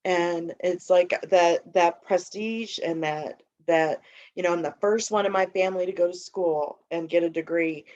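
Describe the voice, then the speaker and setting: A woman speaks in a lowish voice, halting and searching, with many fillers and restarts as she shares at a recovery meeting. The audio is dull and lo-fi. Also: fairly even intonation, a little mellow. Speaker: meeting member sharing.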